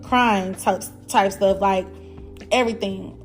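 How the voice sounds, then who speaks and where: A young woman hosting a podcast, telling a personal story in a blunt, animated, profane way and talking straight to her listeners. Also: medium pitch, unhurried, faint music behind. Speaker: podcast host. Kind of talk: casual storytelling.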